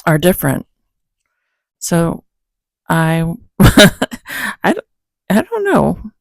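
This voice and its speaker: Woman, host, casual chat, rambling, self-deprecating, slightly low voice, dry close sound. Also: gravelly, no echo. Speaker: host of a Bible-reading channel.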